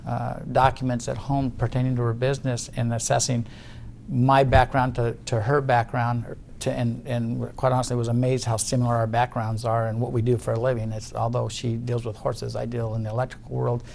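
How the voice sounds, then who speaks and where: A man's voice: mid-range voice, level tone, brisk, creaky, darkish tone, slight background noise. A middle-aged man giving deposition testimony, guarded and insistent, often restarting his sentences. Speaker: witness in a legal deposition.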